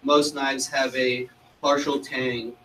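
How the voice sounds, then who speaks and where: A male trainee reading a sales script aloud in an even way. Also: medium pitch, slow. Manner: reads evenly from a sales script. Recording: distant from the mic with faint noise.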